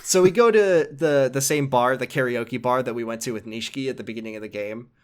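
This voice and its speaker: Podcast guy recapping a game, rambly and animated, swears a lot, laughs mid sentence. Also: medium pitch, fast talker, smooth. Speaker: podcast host. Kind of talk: casual chat recapping a video game.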